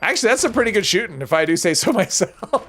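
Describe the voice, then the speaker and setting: A man's voice: high voice, sing-song, fast talker, a bit bright. A man streaming a video game, chatting casually with his viewers and rambling, often restarting and correcting himself. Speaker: live streamer. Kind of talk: casual gameplay commentary while reading chat.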